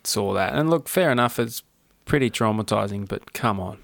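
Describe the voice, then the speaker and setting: A man's voice: on the low side, lively intonation, moderate pace, vocal fry, a bit bright, no room sound. An Australian man co-hosting a casual chat, talking in laid-back, wry banter.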